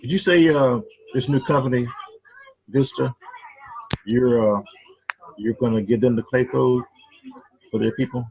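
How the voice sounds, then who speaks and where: A man on a conference call who asks questions slowly, with pauses and restarts. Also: mid-range voice, steady tone, vocal fry, darkish tone, rough recording. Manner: hesitant, halting questions. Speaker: meeting participant.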